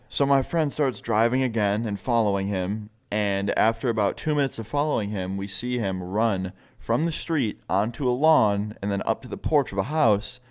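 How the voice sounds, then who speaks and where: A man's voice: on the low side, normal speed, few pauses. A young man telling a story in a casual, rambling way, swearing freely and filling his talk with "like". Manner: profane, rambling, full of filler "like".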